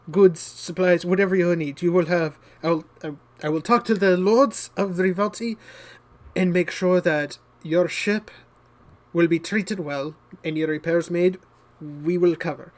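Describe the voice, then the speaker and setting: A man's voice: high-pitched, steady tone, a little slow, darkish tone. A man doing a stammering guard captain. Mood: flustered. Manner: stammering, flustered.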